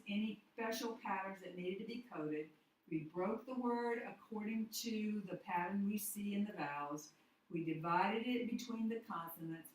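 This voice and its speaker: A woman teacher giving a patient, step-by-step phonics lesson, correcting herself as she goes. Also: medium pitch. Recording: echoey room, mic far off.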